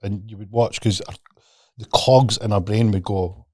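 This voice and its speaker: A man's voice: lowish voice, steady tone, measured pace, no room sound, clean studio sound. A man, a podcast guest and mindset coach, talking casually and animatedly, swearing freely and acting out the voices of the people he quotes.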